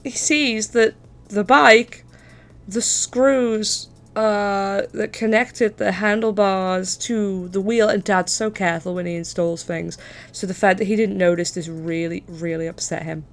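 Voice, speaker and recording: A woman's voice: mid-range voice, steady tone, measured pace. A young adult woman streamer telling a story in casual chat, swearing freely and laughing as she talks. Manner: chatty, swears, laughs through her story.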